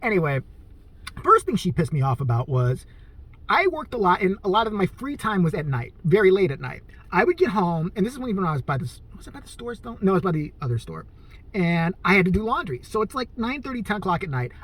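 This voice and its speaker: A man's voice: high voice, fast. A man telling a profane, comedic rant about his day in a casual vlog. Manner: animated, profane, storytelling. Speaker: vlogger.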